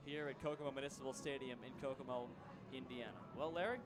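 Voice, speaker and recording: A man's voice: on the high side, brisk, over music. Young male baseball radio announcer. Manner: dry sarcastic humor. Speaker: play-by-play announcer. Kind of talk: sports radio sign-off. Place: outdoor ballpark broadcast booth.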